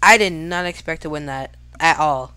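Girl yelling over her game fights, bright lively voice, super dry close sound. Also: deep voice, moderate pace, smooth, no echo. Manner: excitable, shouts and squeals at big plays; casual slang, talks to self while fighting. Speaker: gaming YouTuber. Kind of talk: live gameplay commentary.

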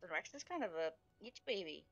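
A woman's voice: lowish voice, big pitch swings, brisk, muffled recording. A young woman chatting playfully with friends while they play a game. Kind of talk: casual gaming chat. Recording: loud background noise.

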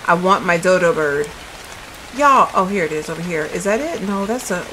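A woman's voice: fairly low pitch, lively intonation, fairly quick, a little hiss or hum, low-quality recording. A woman giving casual let's-play commentary, chatty and puzzled, thinking aloud to her viewers. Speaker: gaming video creator.

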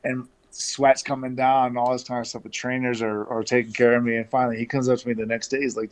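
Man, from Canada, casual interview guest, relaxed storytelling, video call audio. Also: mid-range voice, fast, few pauses. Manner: relaxed and chatty, with many fillers and restarts. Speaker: interview guest, former pro baseball player.

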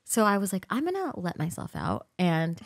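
Animated young woman telling a story. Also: on the low side, moderate pace. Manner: animated, acts out quotes with big swings in loudness. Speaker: podcast co-host. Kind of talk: casual storytelling chat.

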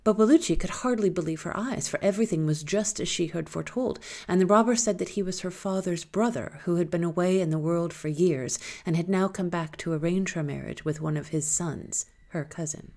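A woman reading a folktale aloud in a lilting, expressive storytelling manner. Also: on the low side, brisk, few pauses.

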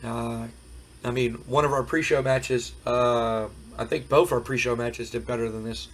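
Hoarse guy rambling through game results, lots of uhs, mid pitch. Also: steady tone, moderate pace, rough recording. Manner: rambling, frequent fillers, recapping results. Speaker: game streamer. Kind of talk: casual let's play commentary.

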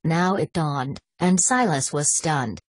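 A woman narrates a novel in a steady, measured audiobook reading. Her voice sits low with a husky edge. The recording is dry and close, with no room sound. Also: no room sound, poor audio. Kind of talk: scripted narration.

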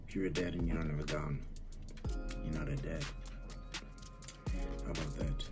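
With a deep voice, normal speed, and long pauses, the South African indie rapper wanders candidly through a casual phone-recorded vlog at home. He's self-deprecating, and music runs in the background.

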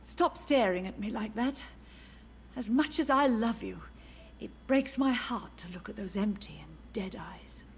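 An actress playing a gentle, wistful older mother who is grieving, in a video game. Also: mid-range voice, lively intonation, unhurried, slight background noise.

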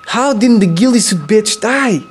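Young man, gameplay commentary, lively swooping voice, fairly high, swears a lot, sudden yelps. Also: a little slow, husky.

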